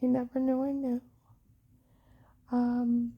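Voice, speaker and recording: A middle-aged woman recounting events in a halting personal account, often dropping to a whisper and restarting her sentences. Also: a little high, flat delivery, dark tone, husky.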